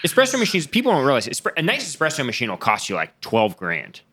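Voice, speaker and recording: A man co-hosting a podcast in casual chat, animated and arguing his points. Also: a little high, rapid-fire, breathy edge. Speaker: podcast co-host.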